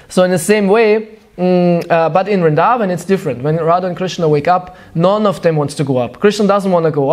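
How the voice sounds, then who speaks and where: High-voiced German man preaching. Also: fairly quick, hardly any pauses. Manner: searching for words, animated storytelling. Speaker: spiritual teacher. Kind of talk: devotional sermon.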